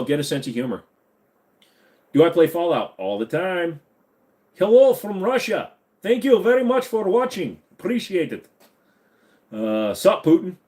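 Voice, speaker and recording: A man in his forties hosting a casual live-stream Q&A at his computer desk, reading comments aloud and joking and teasing. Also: medium pitch. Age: 40s.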